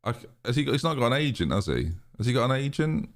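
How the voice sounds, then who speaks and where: A man streaming a football management game live, chatting excitedly to his viewers and laughing often. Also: mid-range voice, fast. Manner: excitable, chatty, talks to chat. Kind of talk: live gaming commentary.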